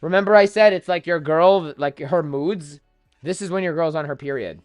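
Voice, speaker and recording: A man's voice: a little high, normal speed, smooth, no echo, clean studio sound, soft background music. A man hosting a trading livestream, talking casually, bluntly and with plenty of profanity straight to his viewers. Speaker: crypto trading livestream host.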